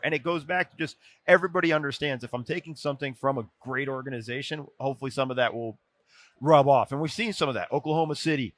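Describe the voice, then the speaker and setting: A man, a podcast guest, telling stories in a casual chat, animated and quick to restart his sentences. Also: mid-range voice, no echo. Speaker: podcast guest, former NBA video coordinator. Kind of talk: casual storytelling.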